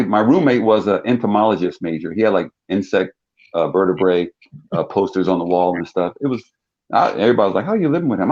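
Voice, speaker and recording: An older man from South Jersey, a former pro football player, telling stories as a talk-show guest and acting out the voices of the people in them. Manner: animated storyteller, acts out quoted voices with big pitch jumps. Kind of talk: storytelling in a talk-show interview. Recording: dull lo-fi sound.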